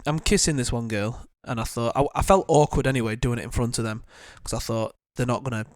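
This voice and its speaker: A man's voice: medium pitch, fast talker, no room sound, clean studio sound. A young man, chatting casually on a podcast, telling stories and teasing his co-host. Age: young adult. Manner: storytelling, teasing and joking. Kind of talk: casual chat.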